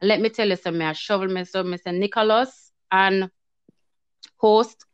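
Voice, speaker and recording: A woman's voice: mid-range voice, steady tone, moderate pace, clear, resonant tone, no echo. A woman tells a personal testimony in casual talk, acting out her own past words with feeling. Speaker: guest telling her story. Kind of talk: emotional testimony in casual chat. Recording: dull, lo-fi sound.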